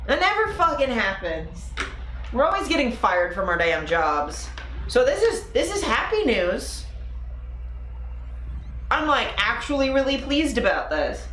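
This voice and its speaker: Woman streamer, lively swooping pitch, slow-paced, swears often, echoey room, faint ambient noise. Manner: profane, animated, talks to chat viewers. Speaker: livestream host. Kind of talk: casual live-stream chat.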